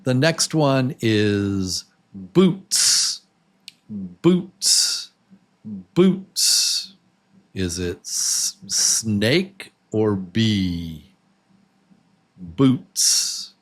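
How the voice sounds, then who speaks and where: Slow, low-voiced male English teacher. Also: expressive. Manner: repeats each word several times, slow and deliberate; patient and encouraging. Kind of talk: slow beginner pronunciation lesson.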